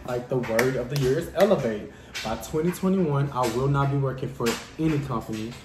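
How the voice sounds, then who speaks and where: A man telling a dramatic personal story to his vlog viewers in a lively, casual way. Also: medium pitch, a little fast, echoey room. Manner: animated, dramatic storytelling addressing viewers as y'all. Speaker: vlogger.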